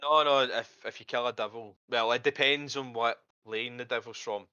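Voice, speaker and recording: A man's voice: medium pitch, fairly even intonation, moderate pace, pushed and bright, smooth, no echo, highs cut off. A man narrating as game master of a tabletop game, rambling with hesitations and casual swearing.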